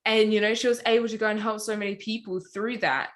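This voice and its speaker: A woman's voice: medium pitch, fairly even intonation, fast talker. Australian woman, casual chat, rambling storyteller with filler words. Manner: rambling, many "anyway" and "like" fillers. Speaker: podcast co-host.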